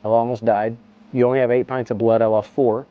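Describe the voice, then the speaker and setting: A man telling a story in a casual interview, animated, slangy and profane, often repeating himself. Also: medium pitch, a little fast, clear, resonant tone, no echo, phone-quality sound. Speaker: interview guest.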